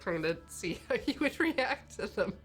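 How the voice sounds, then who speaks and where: A woman's voice: mid-range voice, big pitch swings, moderate pace, a bit bright, soft background music. A woman co-hosting a stream in casual chat, reading subscriber thanks and laughing often. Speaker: stream co-host.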